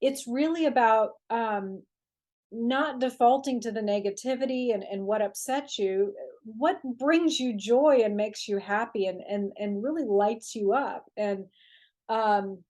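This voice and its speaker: A woman speaks as an interview guest in a fairly high voice. She is animated and chatty, laughs readily and fills pauses with ums and likes. Her delivery is loose and conversational. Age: older adult. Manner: animated, chatty, quick to laugh, many fillers. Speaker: guest author.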